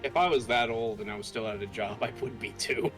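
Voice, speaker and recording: A woman's voice: extremely low pitch, fast talker, soft background music. A woman co-player joking and laughing during a live game playthrough.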